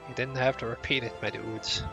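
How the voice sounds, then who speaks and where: A man's voice: mid-range voice, flat delivery, fairly quick, vocal fry, over music. A man streaming a game, casually reading its dialogue aloud and stumbling over words.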